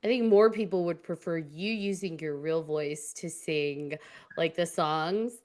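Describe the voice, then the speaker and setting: A woman's voice: low-pitched, measured pace, darkish tone. A woman hosting a podcast in casual chat, talking in a rambling way with frequent laughs. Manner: chatty, laughs often, rambling restarts. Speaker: podcast host.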